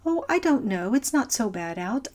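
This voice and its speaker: A woman voicing a breezy, slangy modern young woman who talks in a quick, offhand way. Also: fairly high pitch, sing-song, a little mellow.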